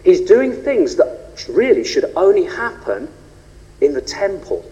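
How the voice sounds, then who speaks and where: A man preaching a sermon, rhetorical and animated, rising and falling for emphasis. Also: measured pace, highs cut off. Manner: animated, rhetorical, shifts pitch and pace for emphasis. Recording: long reverb of a large hall.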